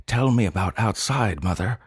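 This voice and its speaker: A man's voice: fairly low pitch, measured pace, darkish tone, husky, no room sound, studio quality, voice pushed up. A man voicing a small, frightened alien boy cub who pleads with his mother in a child's voice. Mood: pleading. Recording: music playing behind.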